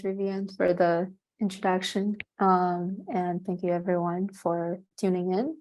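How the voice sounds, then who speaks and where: A woman's voice: lowish voice, fairly even intonation, measured pace, darkish tone. A woman giving an academic seminar talk over a video call, speaking with frequent hesitations and restarts. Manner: hesitant, many fillers and restarts. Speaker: guest speaker, astronomer.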